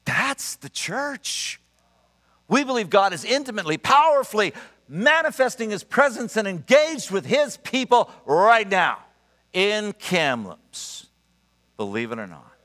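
A middle-aged man preaching a sermon, telling stories in an animated, emphatic and earnest way. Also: high-pitched, unhurried. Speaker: pastor. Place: church sanctuary. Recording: long reverb of a large church hall.

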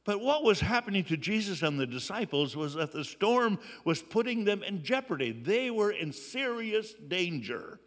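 A man preaching a sermon, earnest and slow, with dramatic pauses. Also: high voice, big pitch swings, fairly bright tone, big-room sound. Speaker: pastor.

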